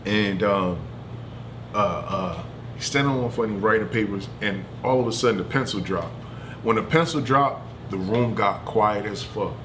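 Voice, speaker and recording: A man streaming from home, telling a family story in a loose, animated and profane way. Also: lowish voice, moderate pace, background noise. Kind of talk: casual storytelling.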